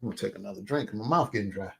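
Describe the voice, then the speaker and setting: A man's voice: lowish voice, rapid-fire, gravelly, slight background noise. A man, hosting a heated commentary rant, profane and mocking as he talks. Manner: animated, profane, mocking imitations. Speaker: commentary show host.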